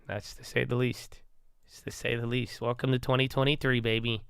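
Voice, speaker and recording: Gravelly, bright-voiced man chatting markets. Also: medium pitch, level tone, moderate pace, dry recording, studio quality. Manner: rambling, joking, laughs often, trails off and mumbles. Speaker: stock market livestream host. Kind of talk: casual live market commentary.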